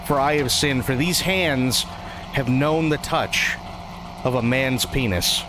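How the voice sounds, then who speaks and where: A man playing a slow, halting confessing nun. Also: medium pitch, lightly acted, low-quality recording. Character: tearful confessing nun, a woman. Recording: clear game music behind.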